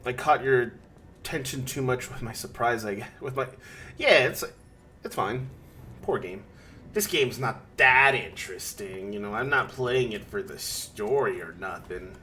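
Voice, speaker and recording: A man's voice: medium pitch, a little slow, sharp tone, a little hiss or hum. A man streaming a video game, rambling and joking as he explains it. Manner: rambling, self-interrupting, jokey. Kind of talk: casual gaming commentary.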